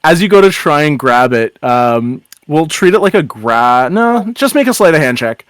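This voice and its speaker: A woman narrating a tabletop game as game master, casual and quick to laugh. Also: deep voice, very animated, no echo.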